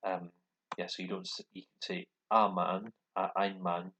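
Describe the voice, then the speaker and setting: A man with a Scottish accent and a deep, low voice walks through language exercises. He talks casually and hesitantly, often pausing on um and restarting his sentences. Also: level tone, a bit bright, low-quality recording. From Scotland. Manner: hesitant, many ums and restarts. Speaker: language learner vlogger. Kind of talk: casual explanatory walkthrough. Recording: voice with computer speakers playing.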